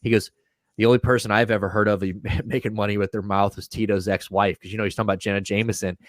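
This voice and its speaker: Brief: male podcast co-host, crude animated storyteller, dry close mic. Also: on the low side, fast, dry recording. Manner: profane, animated storytelling with frequent laughter. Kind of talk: casual podcast banter.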